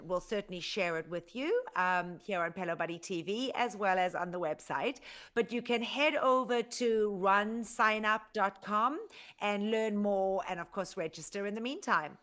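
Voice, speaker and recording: A woman's voice: medium pitch, moderate pace, a bit bright. Chatty upbeat woman cohost, lots of ums, easygoing news chat. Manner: chatty, upbeat, filler-heavy. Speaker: podcast co-host.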